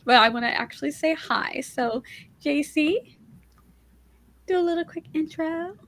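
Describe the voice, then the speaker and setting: A woman's voice: high voice, a little slow, a bit bright. A middle-aged woman hosting a casual chat over a video call, chatty and laughing often. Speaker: host.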